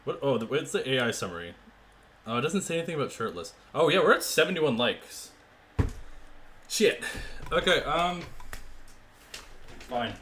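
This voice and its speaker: A young man livestreaming a racing game from his room, chatting and joking with his viewers in quick asides. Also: a little high, lively intonation, fairly bright tone, slight background noise. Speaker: gaming streamer. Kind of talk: live stream chat and play-by-play. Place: home room. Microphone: desk mic with webcam.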